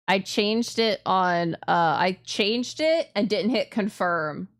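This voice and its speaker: A woman's voice: medium pitch, takes it slowly. A woman streamer chatting casually to her audience between game moments, taking her time with every sentence. She rambles, laughs at her own mistakes, and keeps a self-deprecating, giggly tone throughout.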